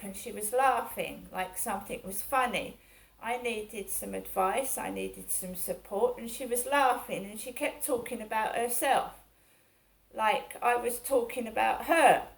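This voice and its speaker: Her voice is creaky and fairly high, a little slow, as this middle-aged woman vlogs about her day. She rambles with a sense of grievance, circling around and saying the same things again.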